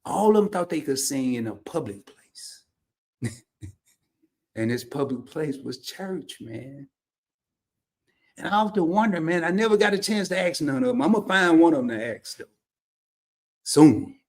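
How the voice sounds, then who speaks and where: A man's voice: a little high, animated, unhurried, long pauses, darkish tone. A man from Arkansas with a Southern accent, hosting a livestream and telling stories in a laid-back, drawling way. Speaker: livestream host. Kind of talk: casual storytelling monologue.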